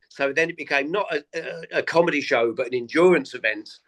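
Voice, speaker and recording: A man, a stand-up comedian, telling tour anecdotes in a relaxed interview and acting out the people he quotes. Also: on the high side, brisk. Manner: animated anecdotes, acts out quoted voices. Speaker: comedian guest. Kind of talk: casual interview storytelling.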